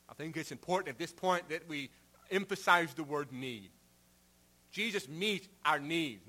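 A man preaching a sermon in an earnest way, rising for emphasis and dropping soft at the ends of phrases. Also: a little high. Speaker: pastor.

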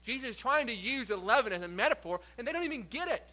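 A male pastor preaching a sermon, reading scripture aloud and then explaining it with swings between quiet and forceful emphasis. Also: very high-pitched, lively intonation, fast, rough recording. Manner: reads scripture then preaches with shifting loud and soft emphasis.

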